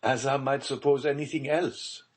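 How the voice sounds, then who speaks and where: A man voicing a haunted aristocratic official in an audiobook, speaking in a grave, hushed, brooding tone. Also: medium pitch, steady tone, moderate pace, voice pushed up, lightly acted. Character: haunted scheming nobleman, secretive and grave.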